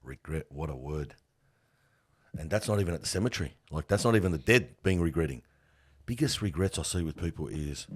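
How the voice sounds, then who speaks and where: A middle-aged man who works in funerals tells heartfelt stories as a guest, his voice rumbling low, animated and slightly rough at a moderate pace. He speaks earnestly and emphatically in slang, calling his listener "bro."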